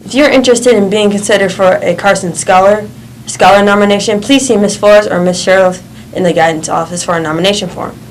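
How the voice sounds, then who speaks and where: A woman reading school morning announcements in a steady way, with small slips. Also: mid-range voice, fairly quick, slight background noise, rough recording.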